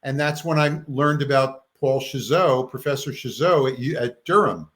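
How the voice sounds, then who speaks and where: A man's voice: mid-range voice, normal speed, poor audio. A man guest in a podcast interview, telling a story and acting out the dialogue in it. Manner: animated storyteller, acts out dialogue. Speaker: guest researcher.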